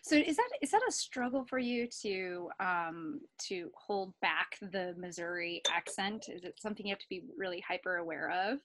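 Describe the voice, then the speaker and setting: A woman from Illinois co-hosting a podcast, upbeat and quick to laugh in a studio. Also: fairly low pitch, a bit bright, no echo, poor audio. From Peoria, Illinois. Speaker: podcast co-host. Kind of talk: casual chat.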